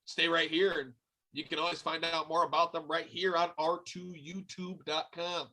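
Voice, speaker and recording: A man's voice: fairly high pitch, flat delivery, moderate pace, sharp tone. A man co-hosting a casual wrestling talk show, chatting and thanking a sponsor. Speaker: podcast co-host. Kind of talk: casual chat.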